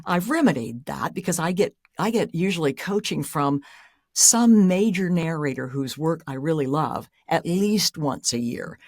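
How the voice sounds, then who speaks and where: Animated woman narrator, lively pitch. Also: normal speed, no room sound, clean studio sound. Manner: animated storyteller, laughs often, voice jumps up for emphasis. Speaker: airline pilot and audiobook narrator, guest. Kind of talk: casual interview chat.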